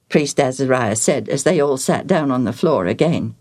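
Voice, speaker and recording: A woman reading aloud a children's story as its storyteller, with warm, clear delivery. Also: low voice, expressive, normal speed, few pauses, no room sound, clean studio sound. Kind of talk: scripted narration of a children's story.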